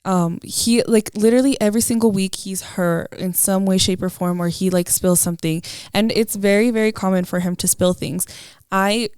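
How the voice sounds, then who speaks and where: A woman's voice: mid-range voice, steady tone, moderate pace, darkish tone, clean tone, dry recording, clean studio sound. A woman co-hosting a podcast, chatting casually about being a mother and slipping into Spanish phrases mid-sentence. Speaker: podcast co-host; mother of a toddler. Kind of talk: casual chat.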